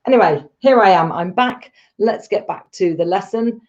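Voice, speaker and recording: A woman's voice: medium pitch, normal speed, darkish tone, lo-fi sound. A woman teaching a live online English lesson, patient and encouraging as she explains step by step.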